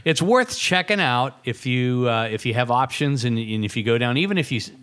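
A man's voice: mid-range voice, animated, brisk, a bit bright, clear, resonant tone. Easygoing man co-hosting a podcast. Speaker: podcast co-host. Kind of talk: casual chat.

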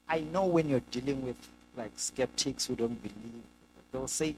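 A man preaching a sermon in a lively way, acting out the people in the scripture. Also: moderate pace, rough recording. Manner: lively, acts out scripture characters with sudden pitch jumps.

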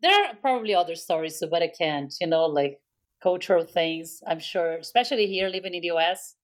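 A woman from Brazil with a Brazilian Portuguese accent, co-hosting a podcast in casual chat, telling lively stories, acting out quotes and laughing often. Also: fairly low pitch, fairly quick. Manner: animated storyteller, acts out quotes, laughs often. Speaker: podcast co-host.

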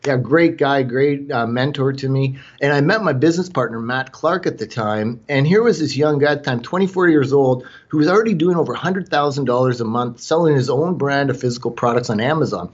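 A man's voice: mid-range voice, a little fast, few pauses, breathy edge. Chatty Canadian man, dull lo-fi sound. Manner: talkative, with frequent fillers and restarts. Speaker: guest entrepreneur. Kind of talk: conversational storytelling.

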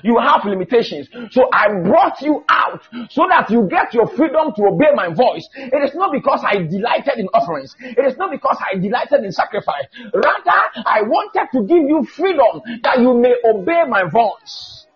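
Male preacher, very high animated voice, shouts and stretches out scripture; muffled church recording. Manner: shouting, drawn-out emphatic Bible quotes. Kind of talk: fiery sermon. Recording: dull lo-fi church recording with faint music.

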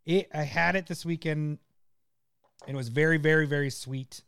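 A man co-hosting a casual chat show, playful and quick to laugh. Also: fairly high pitch, fairly even intonation, fairly bright tone, smooth, no echo, studio quality. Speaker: podcast co-host.

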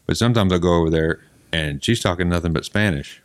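Low-voiced man with easygoing anecdotes. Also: fast talker, clear, resonant tone, dry recording, studio quality. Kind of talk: casual podcast chat.

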